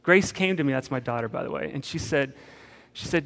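Man giving a lively sermon testimony. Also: mid-range voice, fairly quick, creaky, big-room sound. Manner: animated storytelling, bursts of shouting.

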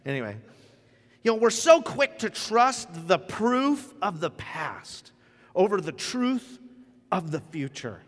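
A man preaching a sermon as a pastor, telling stories with animated acted quotes. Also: sits high, big-room sound.

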